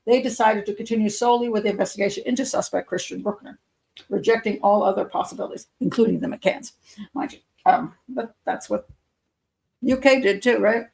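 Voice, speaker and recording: Profiler host, woman, with a creaky voice and a middling pitch, reading reports with doubtful running commentary. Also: brisk, darkish tone, poor audio. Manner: skeptical, muttering asides and self-corrections. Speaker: criminal profiler hosting a live show.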